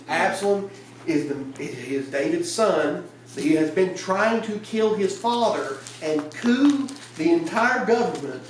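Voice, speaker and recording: A man preaching a casual evening sermon in a church, telling the story in a lively way and acting out the lines. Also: high-pitched, a little hiss or hum. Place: church sanctuary. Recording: roomy church sound from a distant mic.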